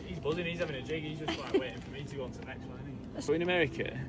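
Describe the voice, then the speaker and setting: A man's voice: fairly high pitch, rapid-fire, over loud music. A man ranting and joking with a lot of swearing while filming casually. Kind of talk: casual filmed banter.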